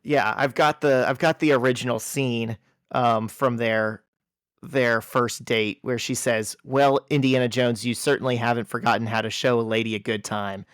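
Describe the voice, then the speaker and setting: A man's voice: normal speed, no room sound, studio quality. Man reading comic lines on a podcast. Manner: animated storyteller, reads quoted lines in a lower voice. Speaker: podcast co-host. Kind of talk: casual podcast chat, reading comic dialogue aloud.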